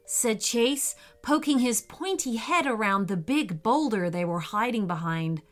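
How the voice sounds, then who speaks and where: A woman gently reading a children's bedtime story aloud as the storyteller. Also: on the high side, expressive, unhurried, few pauses.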